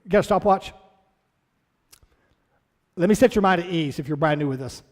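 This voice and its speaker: Blunt high-voiced fitness trainer in an echoey hall. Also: male voice, normal speed, darkish tone. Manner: blunt, motivational, talks straight to the group. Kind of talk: orientation talk to a class. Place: fitness studio classroom.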